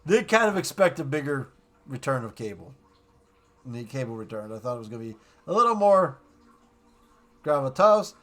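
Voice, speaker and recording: A man casually recapping and reviewing a cartoon episode, rambling and excited, dropping quick quotes of the characters. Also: mid-range voice.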